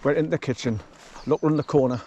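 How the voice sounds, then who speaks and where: This is casual walking vlog commentary from a man out with his dog on a forest track, captured on his handheld camera as he rambles and laughs often. He talks fast, his pitch on the high side and his tone warm. The sound is lo-fi, with slight background noise.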